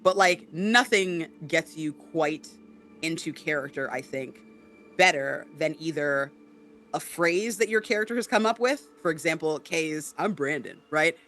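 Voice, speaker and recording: A man co-hosting a podcast in casual chat, animated and explanatory, often tagging on "right?". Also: fairly high pitch, unhurried. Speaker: podcast co-host. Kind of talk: casual chat about tabletop role-play.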